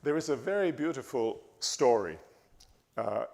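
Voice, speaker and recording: A man giving a talk in a church, speaking haltingly with frequent restarts and fillers. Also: on the low side, lively intonation, gravelly, darkish tone. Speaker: guest speaker. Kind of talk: church lecture. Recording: reverberant church hall.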